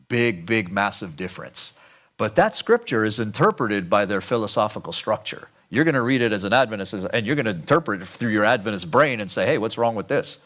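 Lively, emphatic male lecturer. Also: fairly high pitch. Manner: emphatic, rhetorical questions to audience. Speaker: speaker. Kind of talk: sermon-style lecture.

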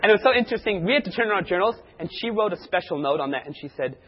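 Husky-voiced man preaching in a hall. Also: sits high, very fast, hardly any pauses. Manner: animated storyteller acting out quoted voices. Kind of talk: sermon testimony storytelling. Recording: dull lo-fi recording in a reverberant hall.

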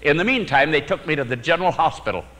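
A man preaching a sermon, telling his own story with sudden swings from emphatic to hushed and chuckling at his own jokes. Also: on the high side, animated, quick pace, big-room sound, poor audio.

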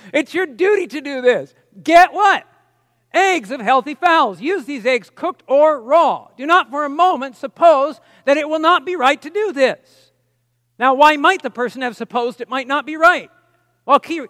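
A man with a very high speaking voice teaches a sermon in a relaxed, conversational way, stopping for asides and reading quotations with emphasis. The voice sounds close and dry, yet a long reverb lingers behind it as in a large hall. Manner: conversational, explains with asides and reads quotes emphatically. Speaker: preacher.

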